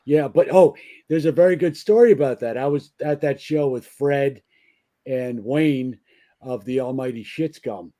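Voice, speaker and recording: A man with a mellow, relaxed tone tells long, rambling anecdotes. His talk is loose and profane, full of restarts and asides. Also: medium pitch, unhurried. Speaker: podcast guest, band member. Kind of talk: casual storytelling chat.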